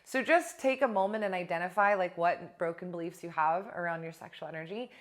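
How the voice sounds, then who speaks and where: A young adult woman coach talking casually to camera in a blunt, animated way, swearing now and then. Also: on the low side, fairly quick. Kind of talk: casual direct-to-camera talk.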